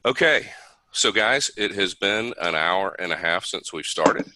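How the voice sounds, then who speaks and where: A man's voice: low voice, lively intonation, a little slow, sharp tone, no echo, low-quality recording. A man with a Southern US accent teaching an online session, explaining at length in a conversational way with restarts. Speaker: instructor.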